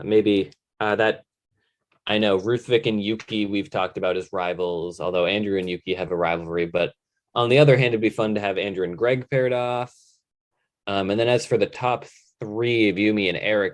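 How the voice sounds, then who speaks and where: Low-voiced young man, hesitant chat. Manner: hesitant, searches for words. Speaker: podcast co-host. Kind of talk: casual fantasy league chat.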